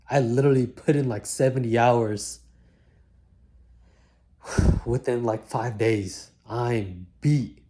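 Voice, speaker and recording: Man, mellow tone, laid-back slangy storytelling, single-take vlog. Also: medium pitch, slow pace, pauses often. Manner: casual slangy talk, many likes and mans. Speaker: vlogger recounting his life. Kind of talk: one-take reflective storytelling. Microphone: single mic, one take.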